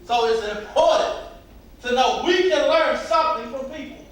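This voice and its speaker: A man, preaching to young people in a relaxed, conversational way and acting out the voices of the people in his stories. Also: very high-pitched, normal speed. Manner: conversational preaching, acts out quotes. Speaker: youth pastor. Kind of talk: preaching to youth. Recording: echoey hall, voice from far off, faint noise.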